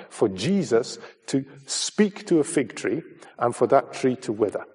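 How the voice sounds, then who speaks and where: An earnest male preacher delivers a sermon in a mellow, darker voice with a husky edge. He is emphatic and direct, talking to his listeners as folks. His pitch sits at an ordinary middle level for a man.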